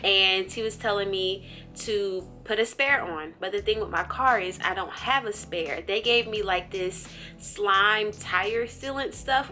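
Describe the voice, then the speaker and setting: Woman vlogger, bright clear voice, animated storyteller, faint music underneath. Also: a little slow. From USA. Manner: animated, jumps high in pitch when acting out her own thoughts. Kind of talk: casual vlog storytelling.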